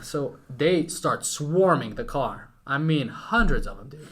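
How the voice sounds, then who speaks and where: A young man from Ukraine, a podcast guest, telling a story with excitement and casual swearing. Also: fairly high pitch, normal speed, vocal fry, few pauses, husky. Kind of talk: animated storytelling.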